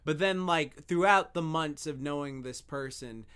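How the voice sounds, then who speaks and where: A man co-hosting a podcast, talking in a laid-back, halting way full of "uh" and "like". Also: on the high side, fairly bright tone, smooth. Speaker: podcast co-host. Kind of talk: casual advice chat.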